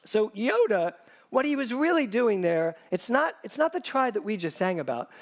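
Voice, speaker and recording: Lively, high-pitched man preaching a sermon. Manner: animated, conversational preaching with jokes and asides. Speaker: spiritual director.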